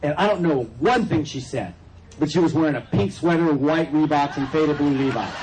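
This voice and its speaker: A man from California with a voice on the high side talks at normal speed at a recovery convention. Loose and joking, he tells his personal story with asides to the audience, and the recording catches their laughter and the noise of the room.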